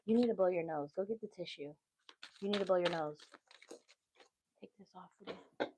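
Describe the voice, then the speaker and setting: A woman's voice: fairly low pitch, fairly quick, noisy background. A woman giving a casual tarot reading on a livestream, chatty and easily sidetracked, with motherly asides. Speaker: tarot reader.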